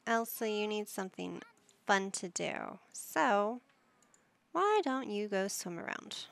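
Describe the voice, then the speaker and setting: Slow-talking woman with a gravelly edge. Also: medium pitch, expressive, a bit bright, no room sound. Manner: talks to her game characters like a playful parent. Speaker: gaming YouTuber. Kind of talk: casual gameplay commentary.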